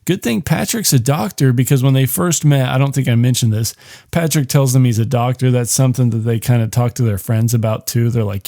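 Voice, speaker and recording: A man hosting a podcast recaps a film in a casual, meandering way. His voice sits at an ordinary middle pitch. He swears freely and fills his sentences with "like" and "you know". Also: a little fast, vocal fry, dark tone. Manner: rambling, profane, heavy on "like". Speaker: podcast host.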